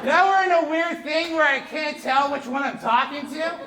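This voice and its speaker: High-voiced Canadian man doing stand-up. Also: moderate pace, very noisy. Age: 30s. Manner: animated, profane, bursts into shouts. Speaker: stand-up comedian. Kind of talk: live stand-up comedy with crowd work. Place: large theater stage, live audience. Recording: echoey theater with loud crowd laughter. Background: audience laughter.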